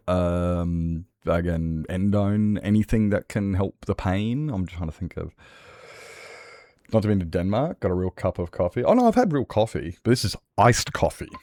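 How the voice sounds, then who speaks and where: Low-voiced Australian man rambling on stream. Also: dark tone, no room sound, studio quality. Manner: rambling, sweary, chatty. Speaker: livestreamer. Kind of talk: casual chat with viewers.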